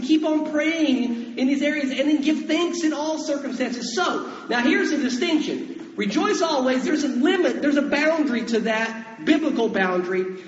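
A man preaching a sermon as pastor, talking conversationally and putting questions to the congregation. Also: very high voice. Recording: echoey hall, dull sound.

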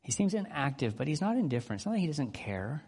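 A man's voice: a little high, quick pace, husky. A man preaching a casual, conversational sermon, acting out the people in the story as he goes. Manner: conversational, animated, acts out quotes. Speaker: pastor.

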